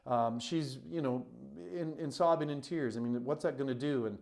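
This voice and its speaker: A man's voice: mid-range voice, normal speed, a little mellow. A man who works as a coach and retreat facilitator tells a personal story to camera in an earnest, emphatic, heartfelt way, with many "you know" fillers.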